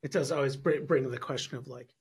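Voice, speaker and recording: A man's voice: mid-range voice, fairly even intonation, brisk, husky. A man hosting an interview, talking casually and thinking aloud with hesitation. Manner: thoughtful, hesitant. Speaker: podcast host.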